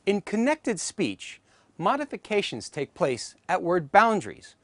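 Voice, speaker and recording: Deliberate, lively-pitched phonetics teacher narrating. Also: no room sound. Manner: careful, deliberate delivery with sounds spoken out as models. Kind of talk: scripted educational narration.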